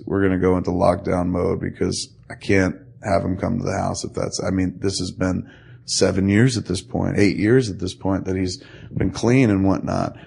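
A man hosting a podcast rambles through a story in a casual, profane way and acts out what everyone said. His voice sits fairly low, with a gravelly, husky edge. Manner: profane, animated storytelling with acted quotes. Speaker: podcast host.

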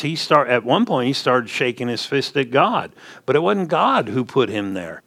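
A man's voice: medium pitch, fairly bright tone. Folksy man preaching a sermon. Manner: folksy storytelling preacher, rising emphatic punches. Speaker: pastor.

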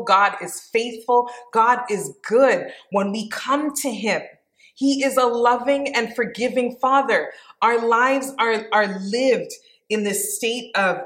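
A woman, a mother, giving a devotional podcast teaching, earnest and emphatic, repeating key phrases and pausing with fillers between thoughts. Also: mid-range voice, a bit bright. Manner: pauses and restarts with fillers.

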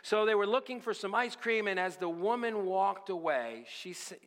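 A man's voice: sits high, expressive, moderate pace. Male pastor preaching in a reverberant hall. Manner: storytelling with voiced quotes, exhorting. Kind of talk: sermon. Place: church sanctuary.

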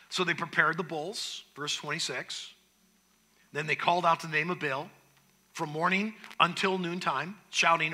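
A man preaching a sermon, retelling a story with shifts from loud to hushed. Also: a little high, measured pace. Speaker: pastor.

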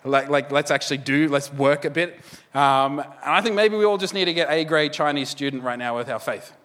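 A man delivers a sermon in a loose, conversational way, dropping in jokes as he goes. His voice sits a little high for a man. It rings out with the long reverb of a large hall. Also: brisk, fairly bright tone. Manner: conversational, joking asides with laughs. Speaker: pastor.

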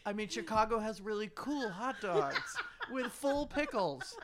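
A woman's voice: mid-range voice, big pitch swings, a little slow, background noise. A woman co-hosting a podcast in a studio, wry and joking, laughing often in casual chat. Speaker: podcast co-host.

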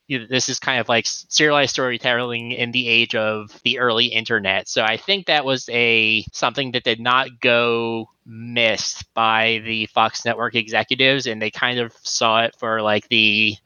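A man's voice: medium pitch, steady tone, normal speed, hardly any pauses, pushed and bright, clean tone, dry recording, rough recording. A man co-hosting a podcast in casual chat, rambling with lots of fillers and restarts. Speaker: podcast co-host.

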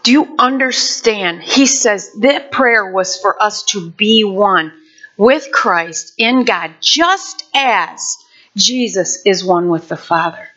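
A woman's voice: mid-range voice, animated, takes it slowly, fairly bright tone, muffled recording. A woman pastor preaching a fervent sermon, moving from prayer to acting out voices.

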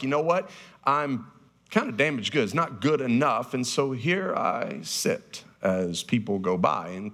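A man's voice: on the low side, fairly bright tone, breathy edge. A man in his thirties preaching a sermon in a folksy, conversational way, with humorous storytelling. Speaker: guest preacher.

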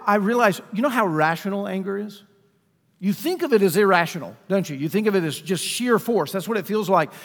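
A man with a high voice preaches to his congregation in a relaxed, conversational way. He keeps asking questions of his listeners. His voice rings out with a long reverb from the church around him. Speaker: pastor. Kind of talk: sermon. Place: church sanctuary.

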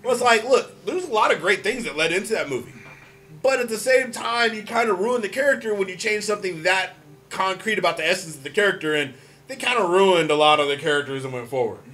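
A young man co-hosts a casual podcast and argues about movies in an animated, talkative way. He swears freely. His voice is fairly high and bright, and there is faint ambient noise behind him. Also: fast, poor audio. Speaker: podcast co-host. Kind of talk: casual movie-ranking banter.

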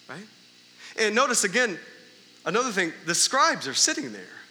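A man's voice: sits high, huge pitch swings, moderate pace, pushed and bright, long reverb tail. A male pastor preaching a sermon in a church, talking conversationally and tossing in rhetorical questions and "right?" asides. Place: church sanctuary during a service.

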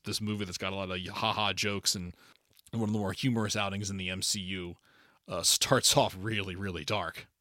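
A man's voice: on the low side, sharp tone, no echo, clean studio sound. A man co-hosting a podcast in casual chat, often repeating words and restarting his sentences. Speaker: podcast co-host.

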